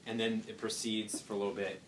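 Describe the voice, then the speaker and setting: A man's voice: lowish voice, flat delivery, brisk. A young man teaching a casual Bible lesson, talking conversationally with rhetorical questions and joking asides. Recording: roomy, distant mic, faint background noise.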